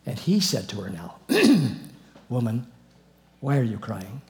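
Lively preaching man, mellow voice. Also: medium pitch, slow. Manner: animated storytelling with asides and chuckles. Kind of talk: expository sermon on scripture.

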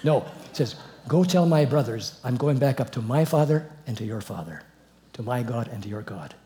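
Lively preaching man, mellow voice. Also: medium pitch, moderate pace. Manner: animated storytelling with asides and chuckles. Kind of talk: expository sermon on scripture.

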